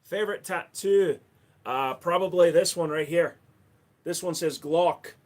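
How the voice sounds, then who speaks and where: Brief: male livestream host with a slightly high voice, crude and jokey, reading chat aloud. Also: measured pace, darkish tone. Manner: crude, joking, reads out chat messages.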